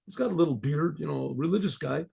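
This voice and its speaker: Gravelly, husky man telling a story. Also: on the high side, fast. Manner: rambling, animated, full of restarts. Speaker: rabbi. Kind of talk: storytelling talk.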